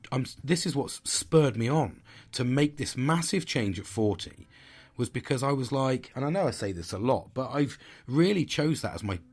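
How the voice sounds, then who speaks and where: A man in his forties hosting a casual solo podcast, blunt and reflective, swearing a lot and rambling as he thinks aloud. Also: mid-range voice. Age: 40s. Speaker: podcast host. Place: sitting at home.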